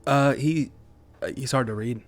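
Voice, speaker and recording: A man's voice: mid-range voice, moderate pace. A man narrating as game master in a casual, rambling way, with many fillers.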